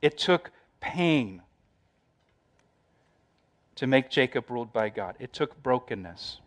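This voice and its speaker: A man's voice: mid-range voice, animated, takes it slowly. Emphatic man preaching a sermon. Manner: preaching with emphatic repetition, loud in quoted lines. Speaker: pastor.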